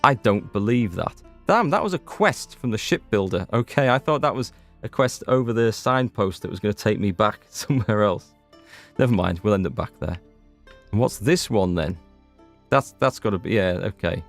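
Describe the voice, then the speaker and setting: Low-voiced Northern Irish gamer rambling. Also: male voice, expressive, normal speed. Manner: chatty, rambling, self-interrupting. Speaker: gaming streamer. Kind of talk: casual let's-play commentary. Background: faint game music.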